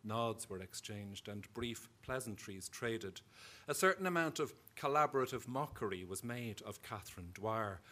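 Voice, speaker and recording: A man with an Irish accent, an author reading his own fiction aloud at a live event in a measured storytelling way. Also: fairly low pitch, lively intonation, fairly bright tone.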